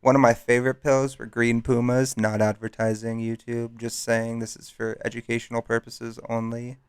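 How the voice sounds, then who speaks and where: Brief: male podcast host, mid pitch, smooth and clear, swearing storyteller. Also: normal speed. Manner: profane, rambling, animated. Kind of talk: casual storytelling.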